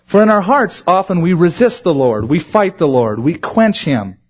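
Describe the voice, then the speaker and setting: A man preaching a sermon to his congregation, animated and acting out quoted voices. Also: sits high, moderate pace, breathy edge, lo-fi sound. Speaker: pastor.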